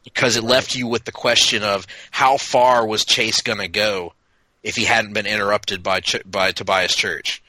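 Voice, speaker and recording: Guy co-hosting a tv recap, bright forceful voice, dry close sound, gets excited fast. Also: lowish voice, no echo, poor audio. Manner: enthusiastic, quick bursts, frequent restarts. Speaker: podcast co-host. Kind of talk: casual TV recap chat.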